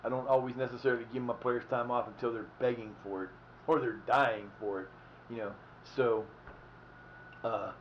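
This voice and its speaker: A man talks through his football management game on a live stream, rambling from one thought to the next and swearing casually. His voice sits at an ordinary middle pitch, and the mic sounds a little dull and lo-fi with a faint hiss behind it. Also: fairly even intonation, moderate pace.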